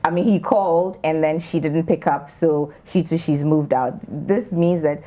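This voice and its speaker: Woman, from Ghana, talk-show co-host, lowish pitch, mellow tone, emphatic, mock-preachy. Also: moderate pace. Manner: emphatic, mock-preachy, acts out quoted lines. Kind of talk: casual panel talk show.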